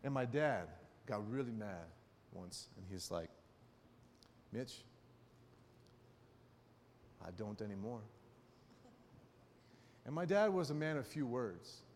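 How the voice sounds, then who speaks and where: A man giving a conversational sermon, telling personal stories and often checking in with his listeners with quick rhetorical questions. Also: mid-range voice, very animated, darkish tone, a little hiss or hum. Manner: personal storytelling. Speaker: preacher. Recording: long hall reverb.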